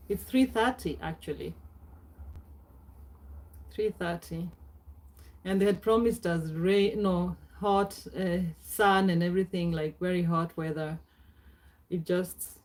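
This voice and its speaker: Chatting loosely on a casual live stream, a middle-aged host calls out viewers by name and often laughs and clears her throat. She has a lowish voice with a darkish tone.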